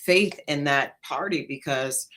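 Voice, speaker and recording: Bright-voiced woman co-hosting a talk show. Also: low voice, measured pace. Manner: thoughtful, many fillers and restarts. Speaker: podcast co-host. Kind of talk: casual political discussion.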